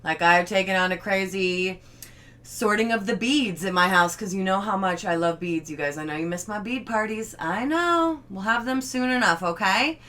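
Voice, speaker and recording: A woman's voice: medium pitch, moderate pace, bright, forceful tone. A young adult woman giving a casual, encouraging art lesson from her living room, chatting while she draws. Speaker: art instructor.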